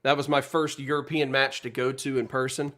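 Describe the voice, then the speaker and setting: A man's voice: mid-range voice, level tone, fairly quick, fairly bright tone. A man co-hosting a casual chat show, joking in an easygoing way. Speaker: co-host.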